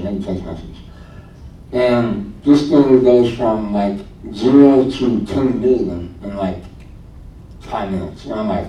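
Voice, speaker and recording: Mellow-voiced man telling a faith story. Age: late 20s. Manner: conversational, retells dialogue with frequent "I'm like" and "like". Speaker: speaker sharing a testimony. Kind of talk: casual faith testimony storytelling. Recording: echoey room, distant mic, faint low rumble.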